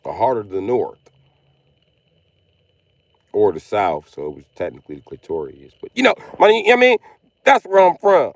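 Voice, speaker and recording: A man's voice: lowish voice, big pitch swings, moderate pace, pauses often, no room sound. A man livestreaming, ranting emphatically over a video with profane, repetitive commentary. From Missouri. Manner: profane, emphatic, repeats himself.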